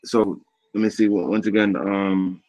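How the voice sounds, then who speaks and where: A man's voice: on the low side, fairly even intonation, measured pace, a little mellow, rough recording. A man chatting casually on his vlog, rambling enthusiastically and often trailing off mid-thought. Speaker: YouTube vlogger. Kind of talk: casual chat recap.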